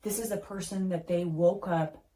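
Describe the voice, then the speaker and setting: A woman's voice: lowish voice, steady tone, normal speed, dark tone, low-quality recording. A woman in her thirties, a podcast host, telling a heartfelt family story in a casual chat, with lots of fillers and restarts.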